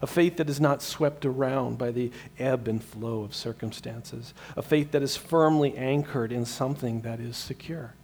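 Preaching earnestly at a medium pitch, this pastor moves from forceful high points to quiet, slow passages. Restarting sentences, he frequently repeats words.

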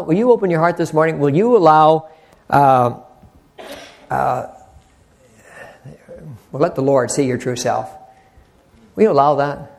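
A man's voice: fairly high pitch, darkish tone. An older man preaching an earnest, conversational sermon, rambling with frequent restarts. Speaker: pastor.

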